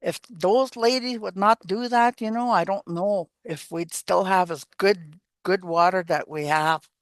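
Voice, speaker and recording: An older woman, an elder, gently teaching and telling stories in an unhurried way, repeating her phrases. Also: medium pitch, no room sound. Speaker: elder and storyteller. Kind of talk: spoken teaching and storytelling.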